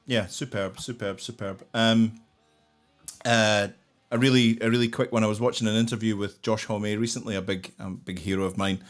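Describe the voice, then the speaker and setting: A man hosting a casual pub-style chat about albums, telling stories in a relaxed way. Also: on the low side, moderate pace, soft background music. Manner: relaxed, storytelling with fillers. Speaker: podcast host.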